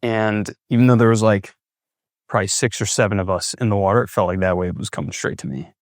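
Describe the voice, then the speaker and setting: Low-voiced man telling a surf story. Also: fast, no echo, clean studio sound. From California. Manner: vivid retelling with acted-out inner thoughts. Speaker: big wave surfer guest. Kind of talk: storytelling in a podcast interview.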